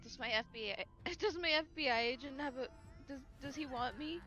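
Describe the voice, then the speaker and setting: A woman's voice: sits high, moderate pace, pushed and bright, soft background music. A woman chatting while playing a game with a friend, giggly and laughing often. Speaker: co-player. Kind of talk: casual gameplay chat.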